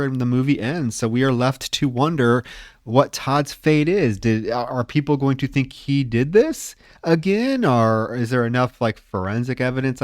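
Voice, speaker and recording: A man's voice: no echo, clean studio sound. A man co-hosting a podcast, recapping a film scene by scene and swearing freely. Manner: acts out scenes in high screaming voices, swears freely. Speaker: podcast co-host. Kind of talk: casual film discussion.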